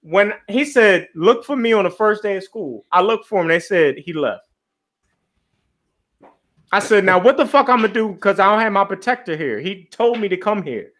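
A man's voice: sits high, animated, normal speed, fairly bright tone. A man from Philadelphia telling a laid-back, profane story in casual chat.

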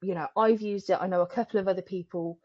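A woman speaking as a podcast guest in a candid, animated way, often laughing between phrases. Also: mid-range voice, fast, dry recording. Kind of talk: candid conversational interview. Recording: dry, slightly dull lo-fi sound.

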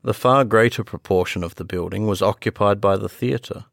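A man reading a classic gothic story aloud as a narrator, in a slow, measured storytelling manner. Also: lowish voice, vocal fry, a bit bright, dry recording, clean studio sound. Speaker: audiobook narrator. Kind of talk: scripted narration.

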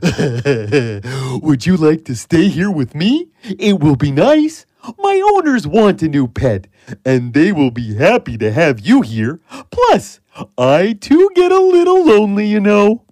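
A woman doing a gentle, lonely pet dog. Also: deep voice, big pitch swings, takes it slowly, no room sound, full character voice. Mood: friendly.

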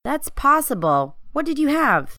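A woman's voice: high-pitched, big pitch swings, a little slow, dry recording, studio quality, full character voice. Woman playing a sweet reassuring nurse. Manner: gentle, reassuring, affectionate. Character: kind, fussing female nurse, adult. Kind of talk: scripted dialogue for a language lesson.

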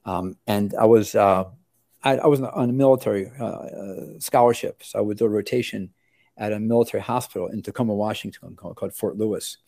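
A man's voice: fairly low pitch, fairly quick, creaky. An older man, an osteopathic family doctor, telling stories in a rambling way with many restarts. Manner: rambling, with many restarts and lively acted quotes. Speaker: osteopathic family physician, interview guest. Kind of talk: relaxed storytelling in an interview.

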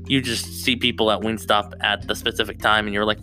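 A man's voice: on the low side, level tone, fast, sharp tone, faint music behind. A young man hosting his own podcast, rambling casually and restarting his sentences often, close to the mic. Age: young adult. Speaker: podcast host. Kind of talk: solo podcast chat.

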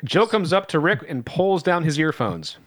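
A man's voice: on the high side, very animated, normal speed. A man co-hosting a comedy podcast, playful and wisecracking in casual chat. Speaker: podcast co-host.

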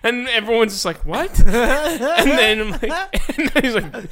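Bright-voiced young man telling stories. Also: very high-pitched, a little slow, a little hiss or hum. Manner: animated storyteller, acts out quoted voices, laughs often. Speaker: podcast co-host. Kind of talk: casual chat.

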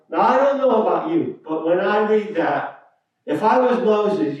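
A male pastor preaching a sermon in a church sanctuary, deliberate and emphatic, repeating key phrases. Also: sits high, darkish tone. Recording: echoey room, mic at a distance.

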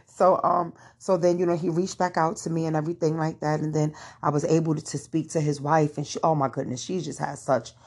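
A young adult woman talks straight to her listeners in an easy, chatty way, calling them y'all and filling her sentences with "you know" and "you know what I'm saying." Her voice sits low and has a soft, husky grain. She tells a personal faith story as the host of her own show. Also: flat delivery, brisk, hardly any pauses. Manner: conversational, addresses listeners as y'all, many fillers. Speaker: podcast host. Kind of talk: casual testimony to listeners.

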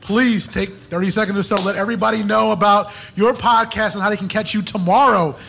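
A high-voiced man with a gravelly edge runs a casual podcast chat, upbeat and joking as he powers through hot sauce. A faint hiss of background noise sits under his voice. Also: fairly even intonation, fairly quick, a bit bright. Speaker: podcast host.

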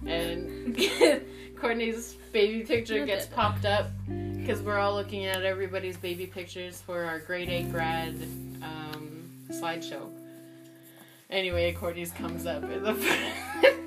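Young woman telling a story over guitar music. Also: lowish voice. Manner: swears a lot, laughs through the story. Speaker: podcast co-host. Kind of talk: casual storytelling chat.

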